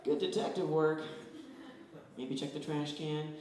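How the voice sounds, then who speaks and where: A man's voice: on the high side, unhurried, very noisy. A man from West Virginia doing a stand-up comedy set, rambling through stories and acting out voices. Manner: rambling, animated storytelling with acted-out voices. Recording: echoey room, voice from far off.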